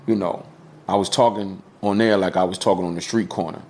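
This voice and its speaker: Podcast guest, middle-aged man, low voice, loose slangy storyteller. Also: fairly even intonation, fairly quick, a little mellow. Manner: candid, storytelling, peppered with slang and cussing. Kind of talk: casual podcast conversation.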